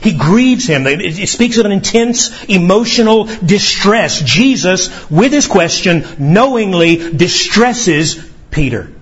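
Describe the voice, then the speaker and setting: A man preaching in a church, his voice husky and a little high. He speaks earnestly, voicing quoted lines and stumbling over quick restarts. The recording sounds dull and lo-fi. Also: expressive. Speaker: pastor. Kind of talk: sermon. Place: church sanctuary.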